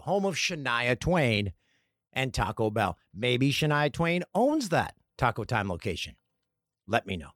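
A man from Canada hosting a solo comedic podcast, talking in an animated, sarcastic way and slipping into mock voices. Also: medium pitch, dry recording, studio quality. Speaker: podcast host.

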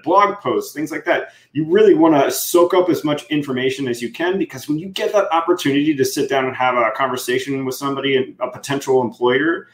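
A man co-hosting a podcast in casual chat, enthusiastic and loose, with lots of fillers and "right?" tags. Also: mid-range voice. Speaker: podcast co-host. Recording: echoey room sound.

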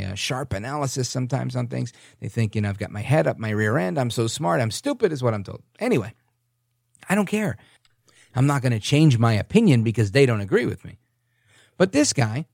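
A man hosting an opinionated political monologue, sarcastic and quick to mimic others in silly voices. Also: medium pitch, creaky, darkish tone, no echo, clean studio sound. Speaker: political commentary host.

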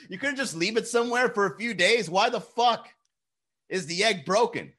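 Animated, bright-voiced young man streaming. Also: fairly high pitch, moderate pace, long pauses. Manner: loose, profane storytelling with frequent laughs. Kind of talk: casual live-stream chat.

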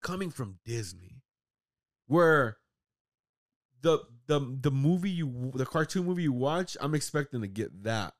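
A man's voice: mid-range voice, measured pace. A man co-hosting a podcast, ranting casually about a movie, full of "like" and swearing. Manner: animated ranting, heavy use of "like" and swearing. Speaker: podcast co-host. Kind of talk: casual chat.

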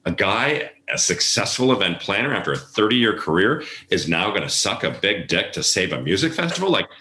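A man's voice: low-pitched, sing-song, a little fast, bright, forceful tone, a little hiss or hum. A middle-aged man, an event planner, telling stories in a casual interview and acting out the voices of people he quotes. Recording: echoey room.

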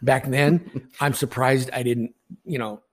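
A man's voice: medium pitch, steady tone, slow pace. A man, a baseball umpire and podcast co-host, telling a story in blunt, profane, laughing casual chat.

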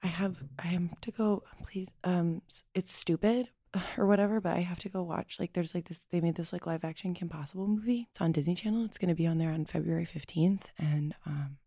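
A woman's voice: on the low side, dark tone, no echo, clean studio sound. An actress playing an anxious young woman who hesitates and restarts her sentences in an improvised comedy audio drama. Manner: hesitant, halting, nervous restarts.

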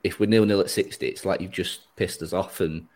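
A man's voice: low-pitched, fairly even intonation, brisk, a little mellow, low-quality recording. A man hosting a podcast, chatting casually about football with a rambling, easygoing manner and frequent laughs. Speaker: podcast host.

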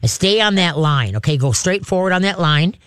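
A fairly high-pitched man gives casual, hands-on dog-training instruction. He is animated and often jumps into excited calls and claps to a dog. His voice is close and dry, with no room echo. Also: a little fast, clear, resonant tone.

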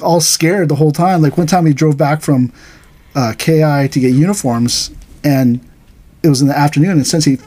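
A man's voice: fairly high pitch, a little mellow. A middle-aged man, an aikido teacher, telling stories in casual chat, acting out quoted voices and laughing along.

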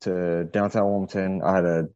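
Man, podcast guest, low and mellow, rambling anecdote, dry dull sound. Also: little pitch movement, moderate pace, smooth, no room sound. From southeastern United States. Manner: rambling, hesitant, many fillers and restarts. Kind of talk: casual storytelling.

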